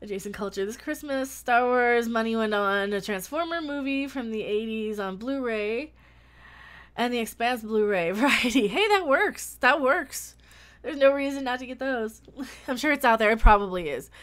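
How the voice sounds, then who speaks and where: A woman's voice: on the high side, lively intonation, normal speed, smooth. A woman hosting her own livestream in casual chat, talking freely with many restarts and thanking viewers by name. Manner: chatty, thanks viewers warmly, frequent restarts. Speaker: YouTube channel host.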